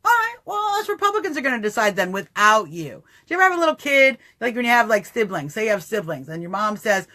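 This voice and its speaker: A woman giving an animated political commentary on a livestream, mocking opponents, acting out voices and laughing at her own jokes. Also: a little high, fast, hardly any pauses.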